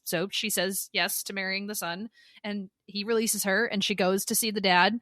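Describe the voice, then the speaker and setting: Woman co-host, bright and crisp, dry close mic, chatty film recap with acted-out quotes. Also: medium pitch, moderate pace, dry recording. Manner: animated, swears, acts out characters in quotes. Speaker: podcast co-host. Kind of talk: casual chat recapping a film.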